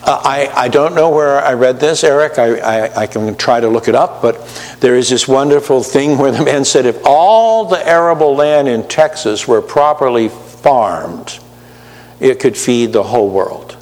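A man's voice: mid-range voice, measured pace, darkish tone, in a large hall. A man preaching a sermon to his congregation, chatty, with teasing asides to the pews. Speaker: pastor.

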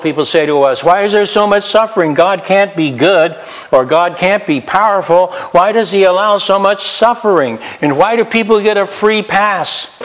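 A man preaching a sermon as pastor, swinging from loud emphatic highs to quiet low asides. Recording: long hall reverb.

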